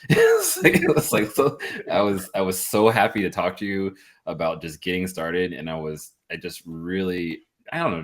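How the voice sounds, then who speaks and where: A man with an extremely deep voice speaks slowly and sincerely. He trails off and restarts his sentences as he searches for words, sounding earnest and a little hesitant. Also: a bit bright. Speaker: eldest brother on the podcast. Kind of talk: casual heartfelt reflection.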